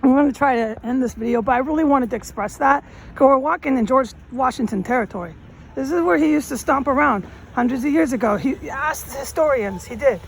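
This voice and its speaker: A woman vlogs on her phone while walking a city street, rambling in casual slang with plenty of emphasis. Her voice is high-pitched with a gravelly edge. Faint street and traffic noise sits behind her. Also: a little fast. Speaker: vlogger. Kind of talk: walking vlog monologue. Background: street noise and passing traffic.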